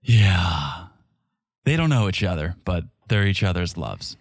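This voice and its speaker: A man's voice: low-pitched, very animated, moderate pace, no room sound, studio quality. A man co-hosting a podcast, recapping a reality show with wry, sarcastic commentary. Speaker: podcast co-host. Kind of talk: casual recap chat.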